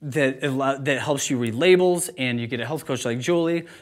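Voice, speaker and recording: A man speaks to a live audience in an informal, energetic way. His voice sits in a middle register for a man, and he is candid and quick to laugh at himself. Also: medium pitch. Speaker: juice bar owner giving a talk.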